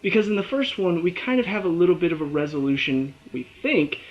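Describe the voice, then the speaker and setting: Animated young-sounding man reviewing TV. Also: high-pitched, a little fast, dull audio. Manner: animated, acts out characters' lines and his own reactions. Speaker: TV show reviewer. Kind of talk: casual solo review.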